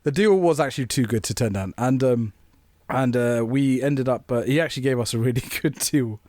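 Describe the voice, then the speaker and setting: A man's voice: mid-range voice, brisk, darkish tone, no echo. A young man co-hosting a podcast, telling a story in casual chat with swearing and bursts of laughter. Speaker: podcast co-host.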